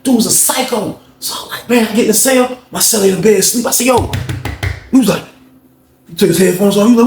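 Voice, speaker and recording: An animated man with a high, lively voice tells a story in loose street slang. He jumps between voices as he quotes people. The room around him is echoey. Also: fast, creaky, pauses often, slight background noise. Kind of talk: casual storytelling to camera.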